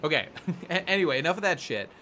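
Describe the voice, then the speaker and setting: A man's voice: a little high, big pitch swings, quick pace, pushed and bright, a little hiss or hum. Rambling, profane man on a podcast. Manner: rambling, profane, acts out characters' lines. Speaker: podcast co-host. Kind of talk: casual chat.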